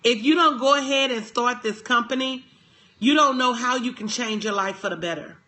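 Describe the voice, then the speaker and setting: Bright high-voiced woman hyping livestream viewers. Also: moderate pace. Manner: call-and-response, greets viewers by name. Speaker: business consultant. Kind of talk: motivational livestream talk. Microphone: phone livestream.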